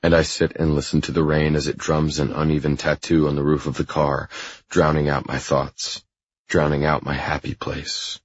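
Very deep, husky male audiobook narrator. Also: level tone, normal speed, dull audio. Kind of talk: first-person audiobook narration.

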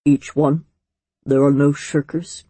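A woman's voice: deep voice, flat delivery, slow pace, warm tone, husky, no room sound, voice pushed down, full character voice. A woman voicing a vain, pompous old male village elder who speaks in clipped, haughty tones. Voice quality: pompous, snappish.

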